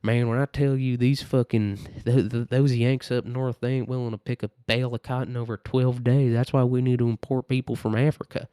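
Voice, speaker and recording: A drawling Southern plantation owner, as a man puts him on talks in a slow, folksy accent. The voice is mellow and sits close to the mic. The room sounds dry. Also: mid-range voice, little pitch movement, clean tone, dry recording, lightly acted. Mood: complaining. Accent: American Southern, put on.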